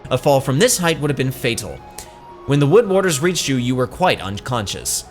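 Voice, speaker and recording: A man voicing a calm, solemn woman of the wood, speaking low and slow. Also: soft background music, natural voice. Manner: low, slow, hushed and measured.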